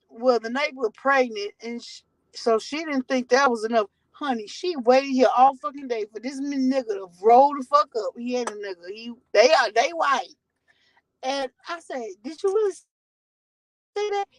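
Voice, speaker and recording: A woman's voice: high voice, normal speed, no echo, poor audio. A woman vlogging from her car, telling a rambling, profane story to her viewers.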